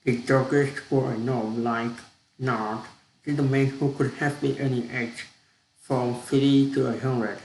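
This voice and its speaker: A man reading a story aloud haltingly, restarting phrases with fillers, in an echoey room. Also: mid-range voice, fairly even intonation, a little mellow. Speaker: reader practicing storytelling. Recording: echoey room with faint hiss.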